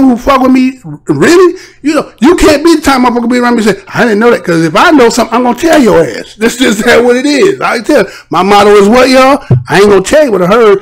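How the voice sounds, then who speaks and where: A man with a high, gravelly voice, holding forth on a live stream. He speaks in blunt, emphatic street talk full of profanity and often turns to address his chat. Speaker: livestream host.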